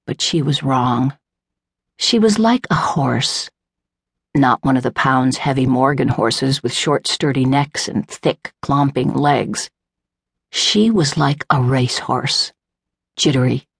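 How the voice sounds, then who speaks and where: A woman reading a literary novel aloud in a measured, unhurried way, voicing the characters lightly. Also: very deep voice, slightly rough, dry recording, clean studio sound. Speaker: audiobook narrator. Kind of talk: scripted narration. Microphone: close studio mic, dry.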